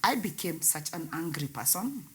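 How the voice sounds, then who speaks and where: A young woman telling her painful personal story in an interview, her voice swinging between loud outbursts and hushed words. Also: low-pitched, lively intonation, moderate pace, a little hiss or hum. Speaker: guest, radio host.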